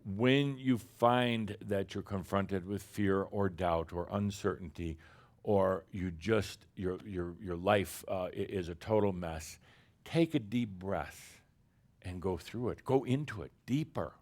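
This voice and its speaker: A man acting as a spiritual teacher, channeling an entity and addressing his audience as "dear human" in a playful, theatrical way that swings between loud emphatic bursts and quiet, drawn-out phrases. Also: low voice.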